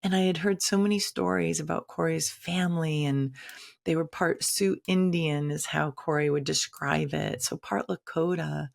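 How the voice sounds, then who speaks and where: A woman's voice: low-pitched, fairly even intonation, moderate pace, gravelly. A woman telling a personal story in a candid, conversational way, acting out quoted lines dramatically. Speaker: shaman and teacher.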